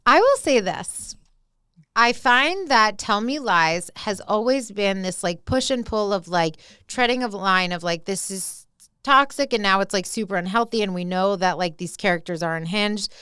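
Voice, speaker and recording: A young woman co-hosting a casual pop-culture podcast, animated and peppered with "like". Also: medium pitch, moderate pace, clean tone, dry recording, clean studio sound. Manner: animated, lots of "like" fillers. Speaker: podcast co-host.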